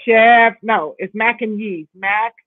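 A woman's voice: a little high, slow, no echo. A woman from the Bronx, co-hosting a casual chat and steering the segments. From the Bronx, New York. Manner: chatty, wraps up segments. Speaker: co-host. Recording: tinny phone-like line.

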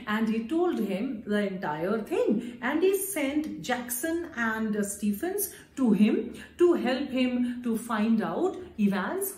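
A woman's voice: on the high side, warm tone. A woman with an Indian English accent explaining a story to students as their English teacher, often slipping into Hindi and checking in with "okay". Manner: explanatory, mixing Hindi into English, frequent "okay" and "you know". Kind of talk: classroom lesson explanation. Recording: echoey room.

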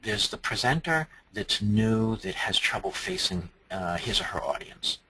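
A man from Massachusetts giving a conference talk as a presentation trainer, animated and strongly inflected. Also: on the low side, a little slow, husky, low-quality recording.

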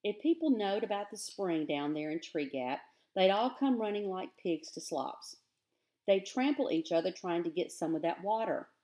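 A woman's voice: mid-range voice, animated, moderate pace, dark tone, natural voice. A woman voicing a weary, earnest rustic father who talks in plain country grammar. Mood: pleading.

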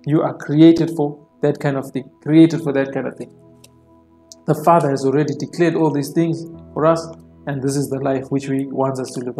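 Gravelly preacher over soft worship music. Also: male voice, fairly high pitch. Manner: tag questions, repeats phrases for emphasis. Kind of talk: sermon. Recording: roomy sound with soft worship music behind. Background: soft instrumental worship music.

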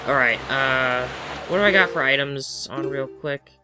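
A man's voice: medium pitch, a little slow, music in the background. A man giving casual let's-play commentary, chatty and rambling as he talks to himself while playing.

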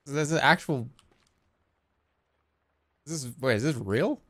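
A male streamer giving casual gameplay commentary, excitable and swearing, with loud shouting outbursts. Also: mid-range voice, slow.

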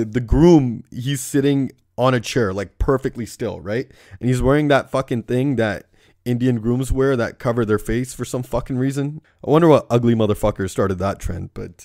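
A man's voice: mid-range voice, darkish tone, no room sound, clean studio sound. A young man from Surrey, British Columbia, doing a profane comedic rant as a movie reviewer. He keeps tagging his sentences with "right?".

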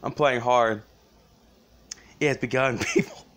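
Man, giggly unboxing vlog, excitable, casual swearing, mid-pitched voice. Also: normal speed. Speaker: vlogger.

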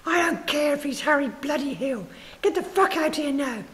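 A woman's voice: sits high, animated, normal speed, fairly bright tone, a little hiss or hum, voice pushed up. A woman voicing a tough military man who swears and barks orders harshly during a story reading. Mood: angry shouting.

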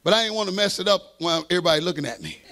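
High-voiced fervent man preaching. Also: animated, rapid-fire, bright, forceful tone. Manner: fervent preaching with call-and-response asides; playful, self-deprecating humor. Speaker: pastor. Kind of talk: sermon.

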